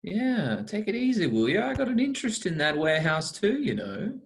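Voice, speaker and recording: A woman's voice: on the low side, huge pitch swings, brisk, creaky, exaggerated voice. A woman reading the part of a young husband, placating and defensive. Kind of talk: cold-read play reading. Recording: roomy echo.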